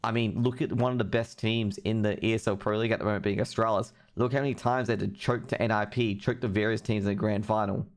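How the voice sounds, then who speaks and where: A man's voice: lowish voice, fairly even intonation, quick pace, hardly any pauses. A young man hosting a live stream, ranting with heavy profanity about esports news. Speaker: streamer host.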